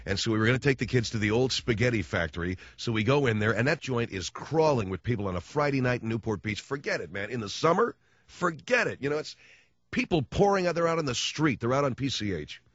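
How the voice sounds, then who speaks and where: A man hosting a radio show spins a sarcastic, rambling anecdote, breaking off and restarting his sentences as the jokes come. His voice leaps up and down in pitch as he works himself up. The sound is dry and close, slightly muffled like lo-fi broadcast audio. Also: quick pace, no room sound. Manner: animated, sarcastic storytelling with frequent restarts. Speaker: radio host. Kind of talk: comic monologue rant.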